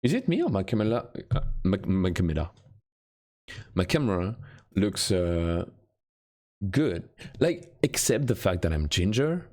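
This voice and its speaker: A man chatting casually on a live stream while making a game, self-mocking and swinging between low mutters and excited squeals. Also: normal speed, pauses often.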